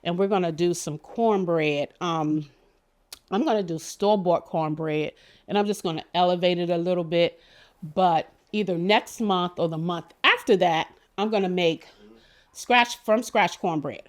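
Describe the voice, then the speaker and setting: A woman's voice: on the low side, moderate pace. A middle-aged woman giving a casual cooking demonstration, telling chatty, rambling stories with many fillers. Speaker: cooking show cook.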